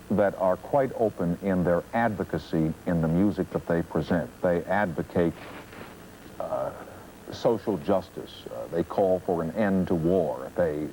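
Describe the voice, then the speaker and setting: A man hosting a television talk show, asking probing questions in a deliberate, good-humoured way. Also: sits low, dark tone, slight background noise, low-quality recording. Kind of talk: late night television interview. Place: television studio.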